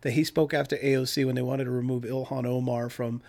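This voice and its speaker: A man's voice: mid-range voice, little pitch movement, fast, vocal fry, darkish tone. A man co-hosting a podcast, chatting casually and profanely and mocking politicians in put-on voices. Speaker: podcast co-host. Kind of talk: casual chat.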